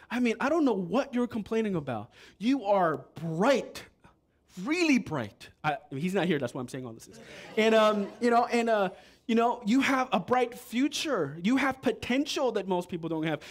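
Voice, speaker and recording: A man preaching a sermon as pastor, animated and joking with the congregation. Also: sits high. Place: church.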